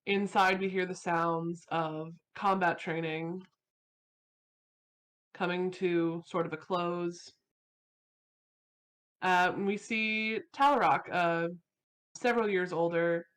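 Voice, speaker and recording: Low-voiced woman reading her epilogue. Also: slow, long pauses. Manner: calm, descriptive storytelling. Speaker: player. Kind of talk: reading a written epilogue aloud.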